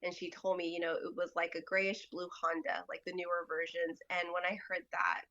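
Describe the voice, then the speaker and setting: A woman guest on a podcast, telling a personal story in a halting way, full of "like" and "you know". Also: on the low side, little pitch movement, pushed and bright, lo-fi sound.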